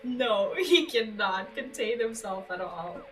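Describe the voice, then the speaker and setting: A woman's voice: mid-range voice, lively intonation, slow pace, a bit bright, far from the mic. A woman streaming a game, chatting casually and cooing baby talk at her dog between laughs. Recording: roomy, a bit off-mic, faint game music.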